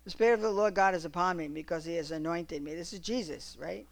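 A preacher reading scripture aloud and telling lively stories to a congregation, often laughing. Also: female voice, fairly low pitch, fast, vocal fry. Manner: animated, laughing storyteller.

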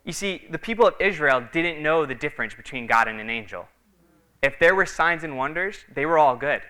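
Bright, clear-voiced man preaching. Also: fairly high pitch, expressive, fairly quick. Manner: conversational storytelling, many fillers. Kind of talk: sermon.

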